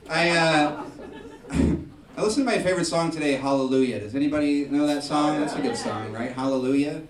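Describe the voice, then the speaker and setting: A young man doing a stand-up comedy set, telling self-deprecating stories and bursting into loud acted voices. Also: on the high side, fairly quick, over a noisy crowd. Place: comedy club with live audience. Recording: echoey club from far off, audience audible.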